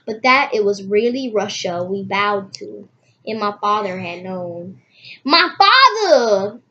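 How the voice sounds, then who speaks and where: A woman hosting a casual read-aloud, reading haltingly with restarts and dropping into soft asides. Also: medium pitch, highs cut off. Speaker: host reading a book aloud.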